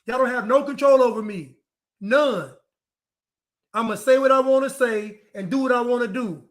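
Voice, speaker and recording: A man's voice: very high voice, moderate pace. A man delivering a defiant ranting monologue to camera, repeating his phrases over and over.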